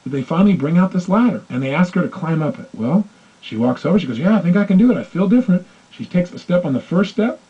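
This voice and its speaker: A male motivational speaker who tells stories quickly and keeps his pitch swinging widely. His husky, mellow voice comes through a dull, lo-fi recording. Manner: animated, acts out quoted voices. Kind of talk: motivational storytelling talk.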